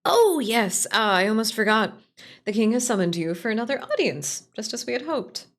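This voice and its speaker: A confiding, earnest court scholar, fond and a little wistful, as a woman streamer voices her. She pitches higher than her everyday voice and lilts more. She leans in close with a softer tone. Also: very animated, moderate pace. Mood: urgent. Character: earnest female royal scholar plotting with a friend.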